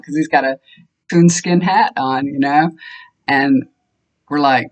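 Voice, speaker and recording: A woman's voice: sits low, fairly even intonation, slow, muffled recording. Brief: older woman vlogger, rambling chatty storyteller, homey tone. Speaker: tarot reader and energy healer. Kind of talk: casual chat to viewers. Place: home room, fan switched off.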